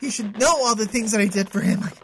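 A woman's voice: mid-range voice, fairly even intonation, fast, slight background noise, close to an everyday voice. A woman playing a self-absorbed young woman who vents to her therapist, whiny and furious, sighing a lot and filling her talk with "like". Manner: whiny, full of sighs and "like" fillers. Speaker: patient venting to a therapist.

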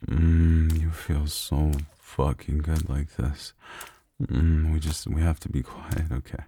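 A man performing an intimate audio role-play in a low, close, murmured delivery, speaking near the microphone. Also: flat delivery, takes it slowly, dark tone, a little hiss or hum. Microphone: close microphone, speaking near the ear.

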